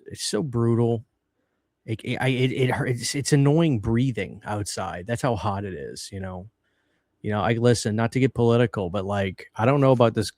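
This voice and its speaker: A man with a Southern US accent trades jokes with his co-host in a relaxed drawl. His voice sits at an ordinary pitch and sounds dry and close, with no room around it. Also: dry recording. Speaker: podcast co-host. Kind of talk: casual chat.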